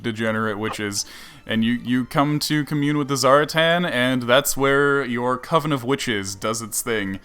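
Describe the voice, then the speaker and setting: A man's voice: medium pitch, unhurried, clear, resonant tone. A man running a tabletop game as game master, narrating with lots of fillers and laughs. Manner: animated, laughs often, many fillers and restarts.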